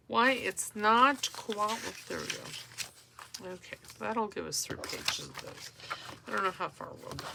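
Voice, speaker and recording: A woman's voice: fairly high pitch, gravelly, fairly bright tone. A woman chatting casually while she makes a junk journal, rambling and talking to herself as she works. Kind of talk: casual crafting tutorial chat. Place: home craft room. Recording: noisy home recording. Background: dog and paper rustling.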